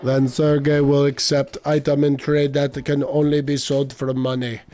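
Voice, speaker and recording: A man voicing a gruff male bear bouncer in a video game, with a put-on Russian accent and slow, broken speech. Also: mid-range voice, monotone, dark tone, faint music behind, lightly acted. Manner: slow, broken speech, speaks of himself by name.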